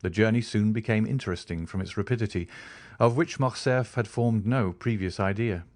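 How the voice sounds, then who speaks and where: A man narrating a classic novel as an audiobook in a steady storytelling manner. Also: lowish voice, normal speed, no room sound, studio quality.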